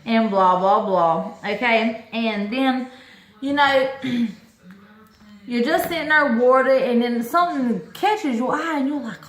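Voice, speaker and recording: Chatty, excitable woman. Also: fairly high pitch, takes it slowly, echoey room. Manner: excited, chatty, lots of "y'all" and "oh my God". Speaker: orchid-growing vlogger. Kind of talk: casual chat to camera.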